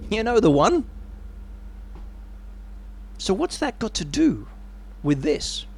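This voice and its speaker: A male preacher delivering a sermon in a somewhat high voice that swoops with lively, expressive rises and falls. He tells stories dramatically and animatedly, pulling listeners along. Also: slow, gravelly, a little hiss or hum.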